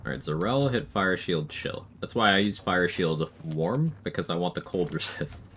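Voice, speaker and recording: A man's voice: sits low, lively intonation, moderate pace, fairly bright tone, soft background music. A man streaming a challenge run, explaining his tactics in a casual, matter-of-fact way as he plays. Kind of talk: casual live-stream gameplay commentary.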